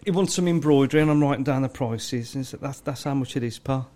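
A man's voice: mid-range voice, fast talker, warm tone. A man in his thirties, co-hosting a podcast, telling crude anecdotes with lots of swearing and grunting impressions. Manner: swears freely, acts out customers with grunts. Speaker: podcast co-host. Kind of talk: crude casual banter.

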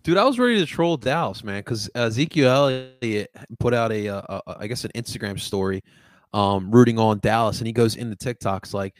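A man hosting a casual sports talk show, chatting in a loose, animated, slangy way. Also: on the low side, a little fast, no room sound.

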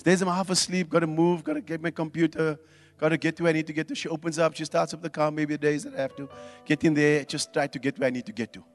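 A man preaching a sermon, swinging from quiet asides to loud, emphatic preaching. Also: on the high side, fairly even intonation, quick pace, big-room sound, soft background music. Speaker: pastor.

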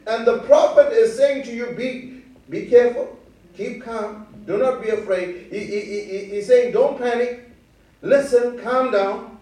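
A man's voice: very high-pitched, unhurried, a little mellow. A man preaching a sermon, earnest and repetitive, often restarting his words. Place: church hall. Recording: echoey hall from far off.

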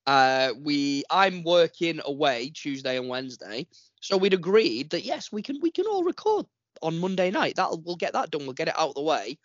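A man's voice: fairly high pitch, big pitch swings, moderate pace, a bit bright, dry recording. Podcast host, man, loose and jokey, bit sick, muffled dry remote mic. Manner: joking, rambling, swears freely. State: slightly ill. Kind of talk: casual podcast chat. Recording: dry, dull lo-fi remote recording.

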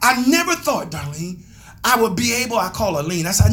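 A man pastor telling a story in a sermon, animated and laughing as he calls out to his members. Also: high voice, fairly quick.

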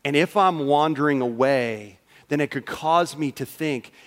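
High-voiced man preaching a sermon. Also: unhurried, long reverb tail. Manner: swings from loud emphatic lines to hushed low delivery; acts out a listener's thoughts in quoted asides. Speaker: pastor.

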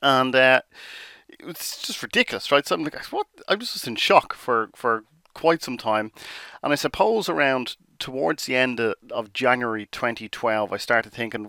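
A man's voice: medium pitch, lively intonation, moderate pace, vocal fry, pushed and bright, smooth, no echo, clean studio sound. A middle-aged man hosting a podcast, telling a story in a chatty, self-mocking way. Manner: chatty and self-mocking, with restarts and acted asides. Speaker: podcast host.

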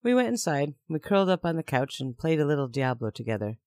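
A man's voice: on the high side, big pitch swings, fast, a little mellow, no echo. A man narrating a first-person story in a plain, conversational way.

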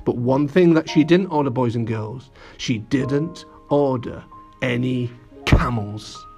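Lively man reading to children. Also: medium pitch, takes it slowly, creaky, soft background music. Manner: lively, addressing children directly. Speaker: storyteller.

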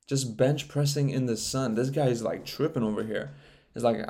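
A man's voice: mid-range voice, normal speed, warm tone. A young man hosting a casual solo podcast, joking and swearing freely as he rants. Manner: profane, joking, slips into mocking impressions. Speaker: podcast host.

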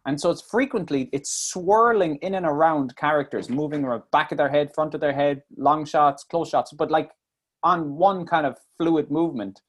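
A man's voice: on the high side, moderate pace. A man in casual chat, reviewing a film with mocking asides and swearing. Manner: animated, swearing, mocking impressions. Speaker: podcast co-host.

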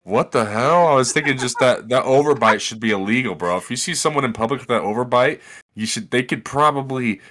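A man's voice: mid-range voice, fast talker, a bit bright. A young man co-hosting a podcast, crude and joking, laughing often. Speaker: podcast co-host. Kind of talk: casual chat.

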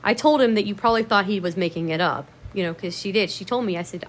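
A woman casually telling memories about her dogs in a rambling, profane way, laughing at herself and jumping up loud when she acts out what people said. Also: medium pitch, animated, quick pace, few pauses. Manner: acts out quoted lines with sudden loud bursts. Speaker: dog owner telling memories. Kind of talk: casual storytelling to camera.

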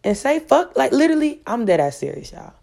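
A woman's voice: fairly high pitch, sing-song, fairly quick, gravelly, dark tone. Woman preaching self-love, emphatic and profane. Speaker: vlogger. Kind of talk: casual motivational monologue.

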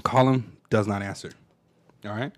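A man's voice: fairly low pitch, fairly even intonation, normal speed. A young man co-hosting a casual talk show, telling a story in slangy, joking banter and teasing a friend.

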